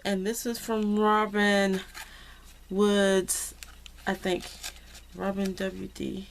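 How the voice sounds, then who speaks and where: A woman's voice: mid-range voice, drawn-out words, vocal fry, long pauses, a little hiss or hum. A woman, gushing with delight as she unboxes crafted cards in a casual vlog. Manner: gushing, excitable, says "y'all". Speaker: crafting vlogger. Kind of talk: casual happy-mail unboxing.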